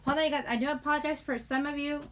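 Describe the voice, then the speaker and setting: Talking rapid-fire in a fairly high voice with a steady tone, a middle-aged woman runs a livestream. She rambles and giggles while saying hi to chat viewers.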